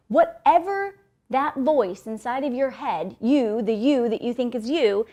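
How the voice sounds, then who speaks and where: Young woman, motivational speaker, slightly high voice, blunt and swears freely, keeps checking in with "right?". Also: darkish tone. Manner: blunt and profane, often tags "right?". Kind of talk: motivational talk.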